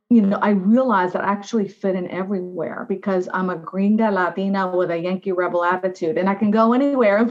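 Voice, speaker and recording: Middle-aged woman, animated interview guest, chatty storyteller, mid-pitched, slightly muffled audio. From United States. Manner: animated, frequent "right?" and "you know". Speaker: guest, diversity officer.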